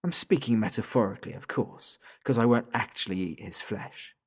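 A sinister, hungry entity on a toy phone, as a male reader puts it on, dropping low and quiet to taunt. Its voice comes thin and tinny over the line, and it drags out every threat with slow, smug calm. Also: slightly rough. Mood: menacing. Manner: taunting, soft and slow, drawing out the listener's name. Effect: tinny and thin through a phone.

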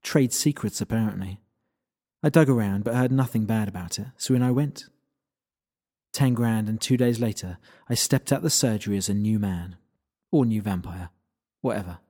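A man's voice: fairly low pitch, normal speed, mellow. Wry, laid-back male story narrator. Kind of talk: first-person story narration.

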